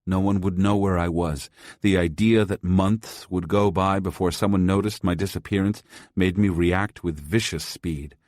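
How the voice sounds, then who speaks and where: A man narrating a first-person story as an audiobook, in a measured, sober way. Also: low-pitched, fairly even intonation, a little mellow, dry recording, clean studio sound.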